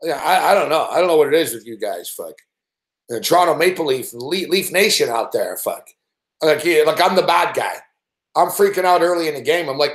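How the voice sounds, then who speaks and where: A man hosting a late-night sports betting show, his voice pitched a bit high and ringing in a roomy, echoey space. He rants loudly and swears constantly, firing off complaints about the night's hockey. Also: expressive, brisk. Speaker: host. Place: indoor home studio.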